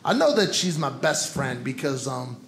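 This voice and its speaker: A stand-up comedian with a Brooklyn accent, performing a set on a comedy club stage with punchy, playful crowd asides. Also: male voice, medium pitch, lively intonation, moderate pace, creaky. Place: comedy club stage before a live audience. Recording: roomy live venue with crowd noise.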